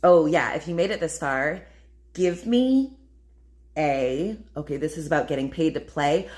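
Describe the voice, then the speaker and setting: Chatty playful woman vlogger, lowish voice. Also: expressive, measured pace, a little mellow. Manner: chatty and playful, with many fillers and "babe". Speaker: spiritual vlogger. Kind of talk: casual spiritual vlog talk.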